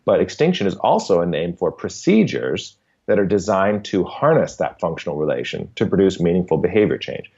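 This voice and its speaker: A man's voice: sits low, a little mellow, lo-fi sound. A man, a behavior analyst, patiently explaining concepts as a podcast guest and often checking in with "right?". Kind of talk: conversational explanation in an interview.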